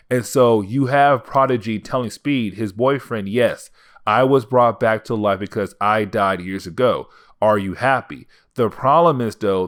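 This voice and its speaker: A man hosting a comic book recap channel, retelling stories in a loose, casual way with lots of "now, of course" and "basically". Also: mid-range voice.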